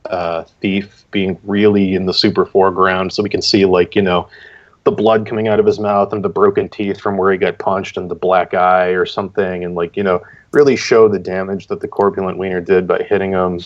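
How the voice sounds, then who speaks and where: Low-voiced man giving rambling critique. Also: little pitch movement, a little fast. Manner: rambling, filler-heavy feedback. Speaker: guest judge critiquing comics. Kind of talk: casual critique on a livestream. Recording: dull lo-fi stream audio.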